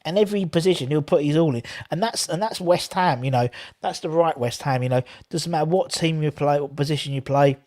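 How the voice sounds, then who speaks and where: A man's voice: on the high side, brisk, darkish tone. A man hosting a casual football fan live stream, chatting and rambling while reading out viewer comments. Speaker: fan channel host.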